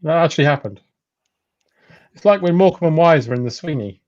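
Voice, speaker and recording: A man's voice: a little high, lively intonation, fairly quick, darkish tone, no room sound. A man co-hosting a casual comedy chat, rambling through dry jokes and reading out listener messages. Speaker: podcast co-host. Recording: slightly dull, lo-fi sound.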